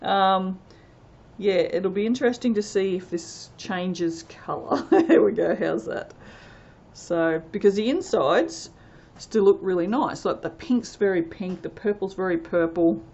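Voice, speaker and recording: A woman's voice: mid-range voice, unhurried, darkish tone, muffled recording. A woman chatting casually as she works on a soap-making vlog, rambling along with self-deprecating asides. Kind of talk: casual commentary while working.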